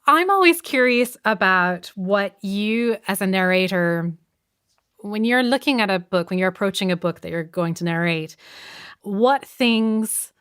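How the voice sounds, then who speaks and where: A woman's voice: mid-range voice, animated, unhurried, a bit bright, clear, resonant tone. A woman interviewing a narrator, asking thoughtful, encouraging questions. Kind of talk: interview conversation.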